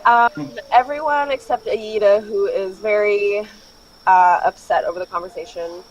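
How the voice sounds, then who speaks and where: A game master narrating a tabletop game slowly and hesitantly, with plenty of fillers. A faint background noise sits under the voice. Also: medium pitch, fairly even intonation, muffled recording.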